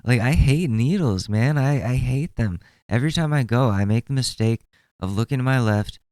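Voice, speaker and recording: A man's voice: medium pitch, moderate pace, darkish tone, no room sound. A man in his twenties hosting a solo podcast, rambling and exasperated, swearing freely as he talks. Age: 20s. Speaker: podcast host. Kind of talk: casual solo commentary.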